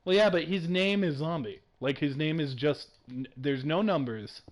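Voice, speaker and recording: A young man hosts a casual gaming podcast, talking fast and excitedly. He swears freely and laughs often. His voice sits a little high for a man. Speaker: podcast host.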